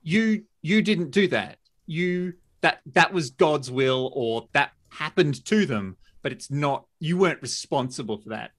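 A man with a bright, forward tone, thinking aloud in a relaxed way and dropping in wry asides. He's a podcast guest talking casually, with a few stumbling restarts. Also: a little high, a little slow. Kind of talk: casual conversational reasoning.

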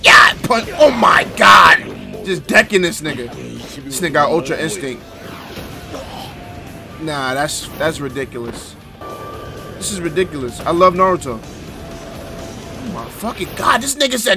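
A man hosting a live reaction stream, excitable and profane, bantering with his chat. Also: sits high, normal speed, long pauses, soft background music.

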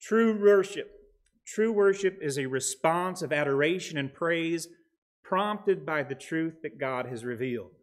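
A middle-aged pastor preaching to his church with an earnest, steady delivery. His voice sits a little high for a man, and he reads scripture aloud with care, with a hint of dry humor. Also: measured pace. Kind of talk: sermon.

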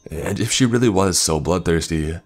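A man narrating a horror story in a measured, ominous scripted delivery. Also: low-pitched. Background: faint background music.

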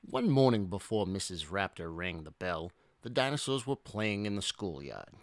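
A man reading a children's picture book aloud in a lively storytelling way, with self-mocking asides. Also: low voice, moderate pace, dry recording.

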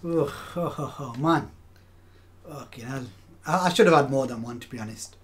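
A young male game streamer with a mid-range voice talks at normal speed while live-commentating his football video game match. He curses frequently and calls his chat "lads."

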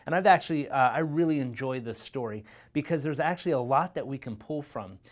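A man's voice: mid-range voice, fairly quick. A man, a youth pastor, giving a devotional sermon and reading scripture in an earnest, conversational way, often checking in with "right?".

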